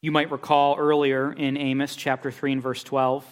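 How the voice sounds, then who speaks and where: A man's voice: mid-range voice, level tone, moderate pace, clean tone. Guy preaching in a big echoey sanctuary, emphatic, asks the room questions, repeats himself for effect. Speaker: pastor. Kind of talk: expository sermon. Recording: long reverb of a large hall.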